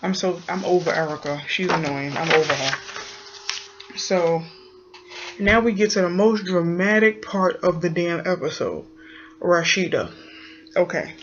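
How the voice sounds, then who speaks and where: A woman's voice: lowish voice, a little slow, pauses often, noisy background. A woman giving a blunt, sassy, slang-heavy casual recap of a TV episode. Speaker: TV recap vlogger. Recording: muffled lo-fi recording.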